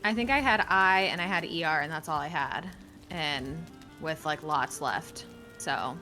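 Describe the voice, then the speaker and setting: A woman co-streaming a game, chatting casually in a soft-spoken, hesitant way that often trails off. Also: low-pitched, measured pace, music in the background. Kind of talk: casual gameplay chat.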